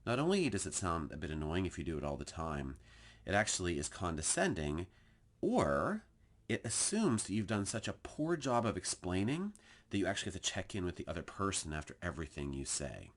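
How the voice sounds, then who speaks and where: Deep-voiced man with very lively delivery. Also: fairly quick. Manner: lively, emphatic delivery that acts out example phrases. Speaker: workplace communication trainer. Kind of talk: recorded training talk.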